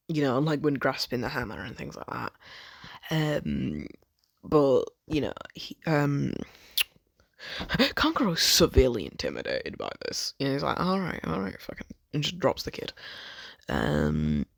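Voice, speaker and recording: A man's voice: mid-range voice, big pitch swings, measured pace, creaky, pauses often, no room sound, studio quality. A man rambling through a fan story, swearing a lot, cutting himself off and joking about it. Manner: rambling, sweary, self-interrupting, jokey.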